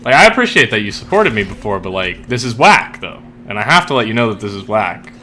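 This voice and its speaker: A man's voice: lowish voice, big pitch swings, quick pace, bright, forceful tone, slight background noise. A young man streaming and chatting casually about his writing, rambling with lots of fillers and frequent swearing. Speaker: streamer and writer. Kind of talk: casual chat while gaming.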